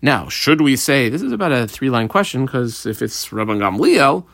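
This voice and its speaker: A man teaching a Talmud lesson, explaining Aramaic phrases in casual English with a lively, conversational manner. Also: mid-range voice, moderate pace, vocal fry, no room sound.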